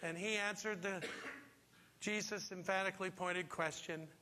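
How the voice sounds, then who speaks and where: Male pastor, higher pitched and bright, emphatic sermon delivery, in a long-reverb hall with faint music underneath. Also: fairly even intonation, normal speed, noisy background. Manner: emphatic preaching with repeated rhetorical questions. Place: church sanctuary.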